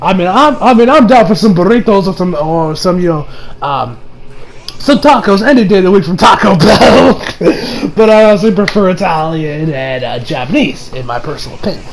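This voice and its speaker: Young guy with a pretty high voice gushing about an anime ep, rambly, laughs a lot. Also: normal speed, a little hiss or hum, poor audio. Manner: rambling, laughs often, excitable. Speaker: anime reviewer. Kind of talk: casual episode recap.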